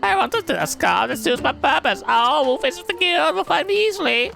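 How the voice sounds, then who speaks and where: A man voicing a formal, shrill, insect-like beastman with a high squeaky voice while reading a game's dialogue aloud. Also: big pitch swings, moderate pace, vocal fry, bright, forceful tone, full character voice. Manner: stilted formal speech. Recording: game music playing behind.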